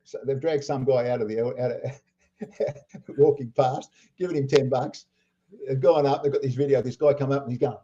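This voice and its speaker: An older Australian man, a poker player, telling animated anecdotes full of acted-out quotes. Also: mid-range voice, normal speed, long pauses, highs cut off, slight background noise. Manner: animated storyteller acting out quotes, laughing. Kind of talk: storytelling anecdotes.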